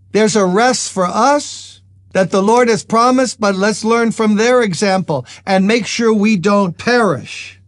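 A man with a New York accent, a senior pastor giving a devotional sermon, moving between playful asides and earnest scripture reading. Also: high-pitched. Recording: soft guitar music underneath.

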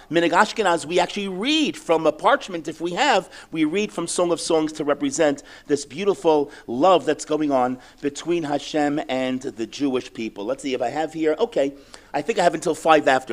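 A man teaching a Torah class, lively, asking questions and answering them himself. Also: a little high, brisk. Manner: animated, asks and answers his own questions.

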